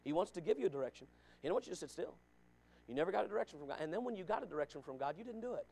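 Pastor, male, high-pitched; fervent preaching style that repeats and addresses listeners. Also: lively intonation, rapid-fire, darkish tone, breathy edge. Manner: emphatic, repeats lines, calls out listeners by name. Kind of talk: sermon.

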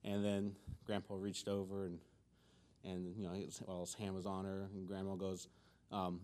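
A man teaching a Bible study at church in a folksy, conversational way, pausing and restarting often, then leading a prayer and reading scripture. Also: deep voice, flat delivery, a little mellow.

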